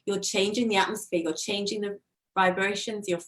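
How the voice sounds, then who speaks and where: A woman's voice: medium pitch, fairly even intonation, moderate pace, a bit bright. A woman co-hosts a mental health live stream. She chats casually and tells self-mocking stories. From southern England. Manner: chatty, self-mocking storyteller.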